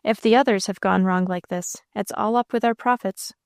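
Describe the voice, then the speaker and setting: Woman voicing a storybook father, brusque, folksy, impatient, middling pitch, dry sound. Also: fairly even intonation, normal speed, no echo, natural voice. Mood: bewildered. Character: blustery doll-making father, impatient.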